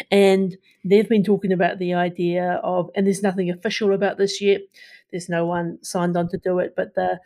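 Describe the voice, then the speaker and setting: A woman's voice: fairly low pitch, a little mellow. A woman co-hosting a podcast, sharing film news in a casual, hesitant way with many restarts. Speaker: podcast co-host. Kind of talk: casual pop-culture news chat.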